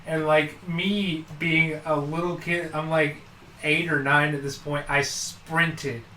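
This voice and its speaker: A man's voice: fairly high pitch, flat delivery, slow, pushed and bright, echoey room, a little hiss or hum, rough recording. A man co-hosting a podcast, telling a long childhood story in casual chat, full of fillers and restarts. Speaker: podcast co-host.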